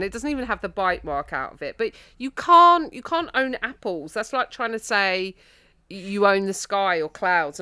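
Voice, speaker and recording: A woman's voice: lowish voice, clear, resonant tone, no room sound, studio quality. A woman, a comedian guest riffing animatedly in a panel chat. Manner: animated, joking, quick asides.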